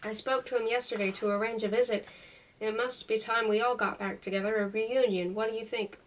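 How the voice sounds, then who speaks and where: A woman's voice: fairly high pitch, fairly even intonation, a little fast, natural voice. Woman reading young woman on the phone, insistent, chatty, slightly distant mic. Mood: pushy.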